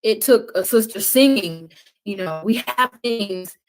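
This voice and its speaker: A woman speaking as a podcast guest, impassioned, with a preaching cadence that swings between loud and hushed. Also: mid-range voice, unhurried, low-quality recording. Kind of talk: passionate podcast talk.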